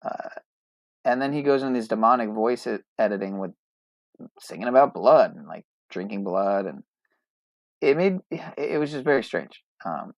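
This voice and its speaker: A man's voice: lowish voice, lively intonation, moderate pace, dry recording. Rambling man hosting a podcast. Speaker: podcast host. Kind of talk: casual chat.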